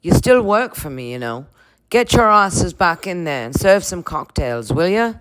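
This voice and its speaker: A woman's voice: lowish voice, sing-song, a little slow, smooth, pitched above the performer's own voice. A woman doing an impression of a posh older woman scolding her staff. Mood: bossy. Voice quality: imperious, scolding. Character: posh older British woman boss, bossy.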